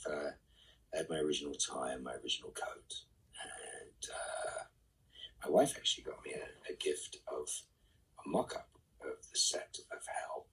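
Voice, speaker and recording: A man's voice: rumbling low, husky, recorded from a distance, poor audio. A middle-aged man reading fan questions aloud on a live stream and answering them with dry, wry quips. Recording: voice set back from the mic.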